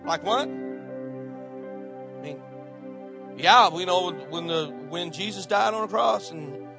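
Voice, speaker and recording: A man's voice: sits high, slow pace, creaky, music in the background. A male pastor preaching a sermon with passion and conversational humor.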